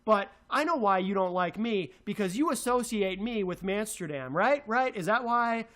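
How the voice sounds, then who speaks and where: A man's voice: high-pitched, expressive, moderate pace, a bit bright. Furious man ranting at a critic. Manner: heated, repetitive, hurling insults. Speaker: talk show co-host. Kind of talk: angry radio rant.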